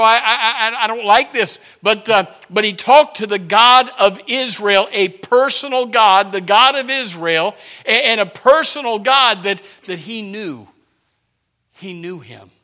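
A man preaching a sermon as a pastor, impassioned, swinging from near-shouting down to hushed whispers. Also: high-pitched.

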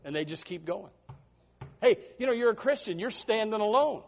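A US preacher with a high voice and lively intonation delivers an emphatic sermon to his church congregation at a moderate pace. He often begins again, repeating words as he goes. The recording is dull and lo-fi.

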